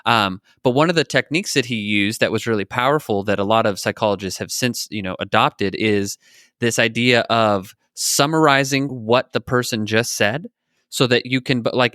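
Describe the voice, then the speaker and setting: Bright-voiced man explaining on a podcast. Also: mid-range voice, brisk, no room sound, studio quality. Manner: explanatory, acts out example dialogue. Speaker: podcast co-host. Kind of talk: casual podcast discussion.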